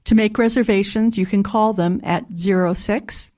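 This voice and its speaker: A woman's voice: mid-range voice, normal speed. Female radio host, mid-range voice, reads local announcements plainly and steadily. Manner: steady, clear read-aloud delivery. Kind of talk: reading community announcements.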